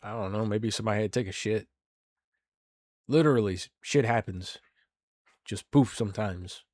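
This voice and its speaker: Fairly low and slightly mellow, his voice moves at a moderate pace over a dry, studio-quality recording. As the host of a solo show, he reacts on the fly in casual commentary, tossing out crude, wandering jokes and muttered side remarks.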